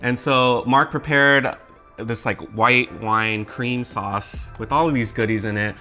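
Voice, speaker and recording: A man's voice: medium pitch, fairly even intonation, measured pace, bright, forceful tone, soft background music. A man co-hosting a food channel, chatting casually and teasing playfully while eating.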